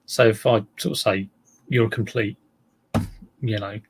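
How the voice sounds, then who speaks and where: Deadpan man, gravelly voice. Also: lowish voice, measured pace, noisy background. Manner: deadpan, joking. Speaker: livestream host. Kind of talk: casual live-stream chat.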